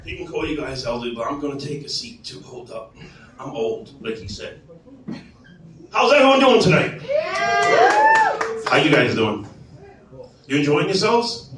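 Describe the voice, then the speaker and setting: A man in his forties doing a stand-up set, animated and profane, bursting into loud shouts. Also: medium pitch, a little hiss or hum. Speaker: stand-up comedian. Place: comedy club stage. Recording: echoey club room picked up from a distance.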